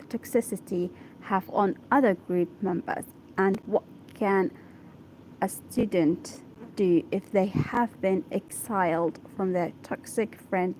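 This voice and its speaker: In a slow, slightly mellow mid-range voice, a woman whose native tongue is Arabic reads an English article aloud as practice. She pauses over hard words, sounding them out, repeating them and checking her pronunciation, with slight background noise behind her.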